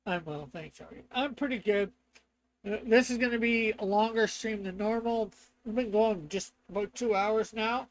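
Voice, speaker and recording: A man's voice: high voice, moderate pace, rough recording. A man from Canada, a comic artist chatting casually on a live stream while he colors, rambling and reading the chat aloud with frequent chuckles.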